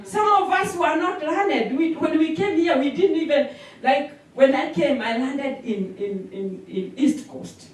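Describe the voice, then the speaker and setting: A woman preaching a sermon, animated, with repetition and call-and-response. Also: high voice, unhurried, few pauses. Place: church sanctuary. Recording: echoey hall from a distance.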